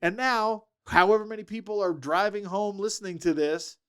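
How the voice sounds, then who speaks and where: A man telling lively stories as a podcast guest, acting out the people he quotes. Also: high voice, normal speed, smooth. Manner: animated storyteller, acts out quoted voices. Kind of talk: casual storytelling chat.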